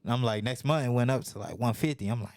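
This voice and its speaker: A young man in casual podcast chat, telling a profane story and jumping into lively voices when he quotes people. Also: mid-range voice, fast talker, gravelly, no echo, clean studio sound. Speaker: podcast host.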